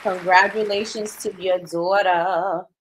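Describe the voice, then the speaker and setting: A woman's voice: on the low side, steady tone, crowd noise, background noise. A woman hosting a casual livestream, chatty and emphatic, greeting viewers and making announcements. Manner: chatty and emphatic, Southern-style "y'all", quick asides. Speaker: livestream host.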